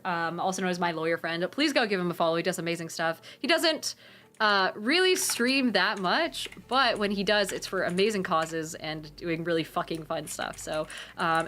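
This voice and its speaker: A young Pacific Northwest woman casually chats on a live stream, voicing viewer comments aloud in a mid-range voice. Her manner is animated and rambling, with restarts, frequent laughter, and plenty of swearing.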